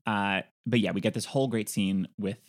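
A man with a fairly low voice co-hosts a casual film podcast. He recaps the plot in a chatty way, slipping in playful asides. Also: fairly even intonation, moderate pace. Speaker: podcast co-host.

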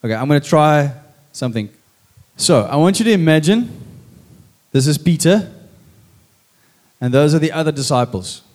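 A man's voice: fairly high pitch, moderate pace, long pauses. A man preaching a sermon in church, who tells the story with drama and acts out the lines. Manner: lively and dramatic, acting out lines. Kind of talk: sermon with acted scripture. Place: church stage with a congregation.

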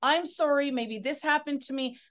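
A woman hosts a casual interview and is effusive and encouraging toward her guest. Her voice sits a bit high, and she slips in quick asides between her longer thoughts. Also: a bit bright. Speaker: interview host.

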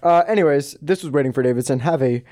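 A man's voice: a little high, fast, dark tone. Profane man hosting a podcast. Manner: loose, profane, giggly asides. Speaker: podcast host. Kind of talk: casual chat.

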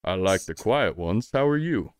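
A man's voice: deep voice, lively intonation, normal speed, clear, resonant tone, no room sound, studio quality. A man voicing a large, leering male toad who is pushy and nosy, talking in a folksy, forward drawl.

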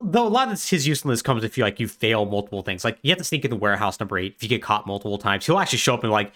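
A man co-hosting a podcast, retelling a game's story in animated, casual chat full of "like". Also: fairly low pitch, very fast, few pauses. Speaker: podcast co-host.

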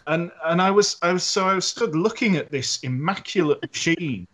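A man co-hosting a casual podcast, telling an animated story with frequent laughs and restarts. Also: sits high, normal speed. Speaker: podcast co-host and robot builder. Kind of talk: casual chat.

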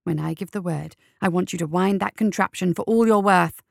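A scheming, theatrical male coroner, as a woman narrator puts him on for a storybook reading. He hatches plots in low whispers and bellows frantic orders with dramatic flair. The recording is dry and close. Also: fairly quick, creaky, dry recording. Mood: conspiratorial. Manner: conspiratorial whispers, frantic shouting.

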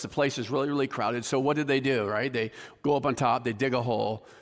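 Man preaching in an echoing hall. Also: medium pitch. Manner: conversational preaching, asks the congregation questions. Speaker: pastor. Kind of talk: sermon.

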